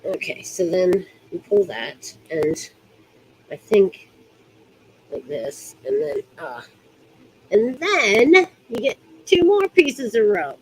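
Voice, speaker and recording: A woman's voice: mid-range voice, big pitch swings, very slow, pauses often, slight background noise, low-quality recording. A woman giving a casual hands-on rope tying demonstration, chatty and giggly, often trailing off mid-sentence. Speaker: rope bondage instructor.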